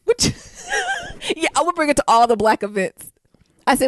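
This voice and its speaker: Woman podcast co-host, casual animated storytelling, swooping intonation, dry close sound. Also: high-pitched, moderate pace, no echo. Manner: animated, profane, acts out quotes in voices; laughs often while talking.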